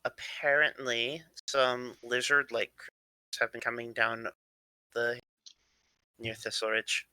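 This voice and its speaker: A young man running a tabletop game as game master, relaxed and self-deprecating, thinking aloud as he goes. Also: medium pitch, slow pace, long pauses, smooth, dry recording, low-quality recording.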